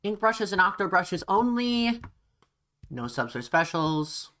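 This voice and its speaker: A woman's voice: fairly low pitch, sing-song, slow pace, fairly bright tone. A young woman streaming a game, chatting casually with her viewers, giggling and eating as she talks. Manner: chatty, giggly, eats while talking. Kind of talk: casual livestream chat while gaming. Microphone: desk mic, no face cam.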